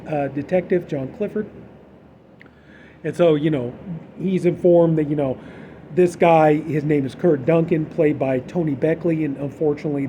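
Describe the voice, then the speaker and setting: A man's voice: a little high, warm tone, a little hiss or hum, rough recording. A man casually retelling a film's plot on a podcast, rambling and filling gaps with "you know". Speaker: horror podcast co-host. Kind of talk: casual film recap.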